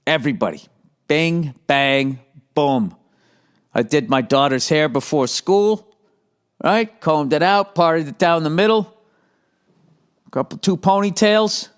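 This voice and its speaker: A man in his fifties with a Boston accent, hosting a podcast with a profane, exasperated comedic rant and quick impressions of others. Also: a little high, clean tone. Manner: profane, exasperated, mimics others mid-story. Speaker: podcast host. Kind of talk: comedic ranting monologue.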